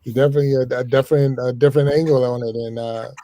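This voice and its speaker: A man's voice: mid-range voice, fairly even intonation, fast talker, mellow, dry recording. A man hosting a talk show, reading a listener's question and responding in a hesitant way. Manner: hesitant, many fillers and restarts. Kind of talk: casual conversation.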